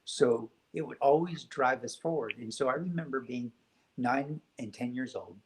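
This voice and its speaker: Soft-spoken guy on a spiritual talk show, reflective, telling personal stories. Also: mid-range voice, normal speed, low-quality recording. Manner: gentle, reflective storytelling. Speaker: guest.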